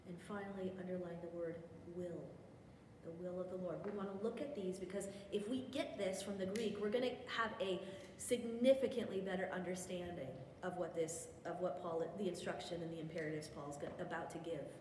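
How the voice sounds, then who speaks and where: A woman's voice: fairly low pitch, steady tone, fairly quick, background noise. A woman teaching a women's Bible study lesson in a church hall. She explains step by step, with chatty asides and self-corrections. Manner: explanatory, guiding listeners step by step. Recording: echoey hall with faint background ambience.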